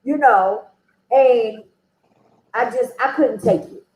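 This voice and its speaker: A woman talks candidly through her own story, speaking in a frank, conversational way with plenty of "you know." Her voice sits a little high. The recording has a roomy echo. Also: slow pace, darkish tone, slight background noise. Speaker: interview guest.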